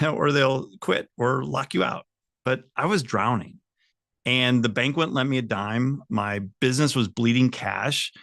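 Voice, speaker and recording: A sales coach in his fifties with a gravelly, bright, forceful voice tells a personal story to his trainees. He chuckles a lot and speaks to the audience directly, and the sound is close and dry. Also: mid-range voice, dry recording.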